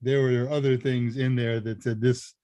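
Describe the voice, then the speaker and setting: A man's voice: mid-range voice, flat delivery, normal speed, dark tone, no room sound, highs cut off. A man hosting a live tech Q&A, chatting casually and rambling with chuckling asides. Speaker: host and senior instructor. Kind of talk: casual livestream Q&A chat.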